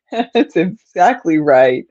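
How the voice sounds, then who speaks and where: A woman's voice: on the low side, mellow, dry recording, lo-fi sound. Sleepy, stuffed-up woman livestream host. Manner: rambling, talks to her cat and viewers. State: stuffed-up nose, sleepy and yawning. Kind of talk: casual livestream chat.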